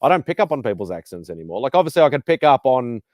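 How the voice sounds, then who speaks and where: A man hosting a casual online chat show, rambling and swearing casually between quick laughs. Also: mid-range voice, sing-song, a little mellow, no room sound, studio quality. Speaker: podcast host.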